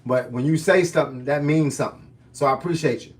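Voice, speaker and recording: A man's voice: fairly high pitch, fast, far from the mic. A man in his fifties, a fitness and boxing coach, answering viewers' questions on a live stream in casual, folksy slang. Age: 50s.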